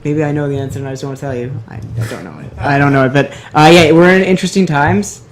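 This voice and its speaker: A man's voice: fairly high pitch, fast talker. A man co-hosting a casual podcast, rambling and joking as he acts out quoted remarks. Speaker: podcast co-host. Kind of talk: casual chat.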